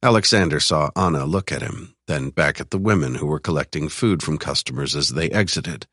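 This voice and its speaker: Very deep-voiced male audiobook narrator. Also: a little fast, fairly bright tone, no room sound, clean studio sound. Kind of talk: scripted thriller narration.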